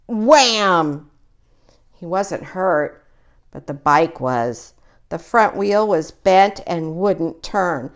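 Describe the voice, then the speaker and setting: A woman's voice: lowish voice, animated, drawn-out words. A woman reading a children's picture book aloud, voicing each character in turn. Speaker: storyteller.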